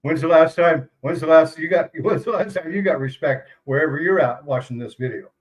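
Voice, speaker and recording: A man's voice: fairly high pitch, fairly quick, rough recording. An older man, a retiree, chatting casually and rambling on a livestream, chuckling often. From United States. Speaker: retiree vlogger.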